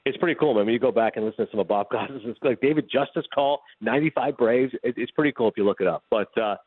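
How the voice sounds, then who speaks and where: A man's voice: mid-range voice, husky, no room sound. A man telling a long anecdote as a radio guest, acting out the lines of everyone in the story. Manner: animated, fast anecdote telling with acted-out dialogue. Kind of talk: casual storytelling chat. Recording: dry phone-line sound.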